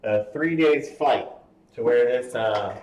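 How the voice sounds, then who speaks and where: A man running a tabletop game as game master, halting with fillers and laughing often. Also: mid-range voice, a little mellow, lo-fi sound. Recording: roomy with faint background hum.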